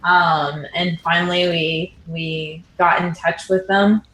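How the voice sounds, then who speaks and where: A woman's voice: fairly low pitch, flat delivery, takes it slowly, a bit bright, echoey room, poor audio. A woman playing a tabletop role-playing game, recapping the story hesitantly and correcting herself. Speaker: player.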